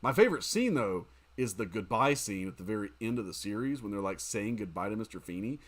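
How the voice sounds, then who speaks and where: A male gaming streamer chats loosely with his viewers while he plays, dropping in "dude" and "um" as he goes. His pitch swings widely and his delivery stays lively and expressive. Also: a little fast. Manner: chatty and animated, talking to chat with fillers like "dude" and "um". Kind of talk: casual livestream chat while gaming.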